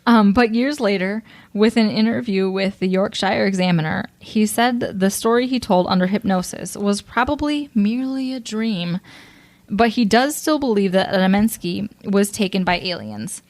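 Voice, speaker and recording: A woman's voice: medium pitch, expressive, normal speed, darkish tone, dry recording. A young woman co-hosting a casual true-crime podcast, reading from her notes and laughing often, a little tipsy on whiskey. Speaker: podcast co-host presenting the case.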